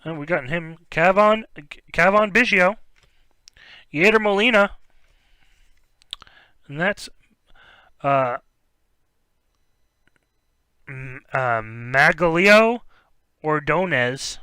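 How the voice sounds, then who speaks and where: Slow and full of long pauses, his fairly high voice comes through clear and resonant, with no echo. The young man is hosting a card break, chatting casually and rambling as he opens packs, reading off player names, stumbling over some, and getting excited in bursts on the live stream.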